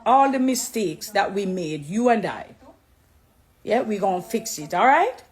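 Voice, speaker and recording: In a live video addressed straight to her audience, a middle-aged Jamaican woman, formerly a dancehall artist and now Christian, speaks warmly and preachily, mixing English with patois. Her mid-range voice is animated and unhurried.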